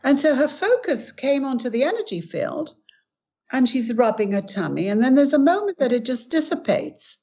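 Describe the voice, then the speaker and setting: Animated older woman, dull lo-fi sound. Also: high voice, normal speed, husky. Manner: earnest, storytelling with acted quotes. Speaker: author and spiritual guest. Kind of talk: spiritual teaching in conversation. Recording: dull lo-fi recording.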